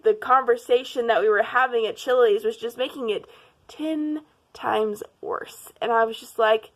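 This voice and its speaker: A young woman tells a dating story to her vlog viewers, talking in a fairly high voice. She acts out the lines of the people in her story and laughs along the way. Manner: animated, laughing, acts out quotes. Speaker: vlogger. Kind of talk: casual storytime.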